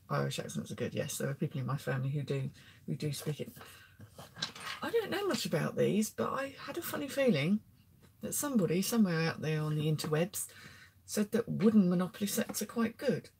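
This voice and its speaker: A woman's voice: low-pitched, sing-song, brisk, vocal fry, a little mellow, breathy edge. A middle-aged woman from England, chatting casually on a live stream as she shows off her resale finds and answers viewer comments. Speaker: resale haul vlogger. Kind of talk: casual live-stream chat, showing items.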